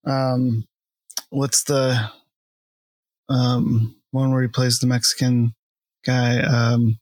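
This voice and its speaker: A man's voice: mid-range voice, flat delivery, extremely slow, darkish tone, dry recording. A man hosting a casual film podcast, easygoing and jokey, laughing often. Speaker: podcast host.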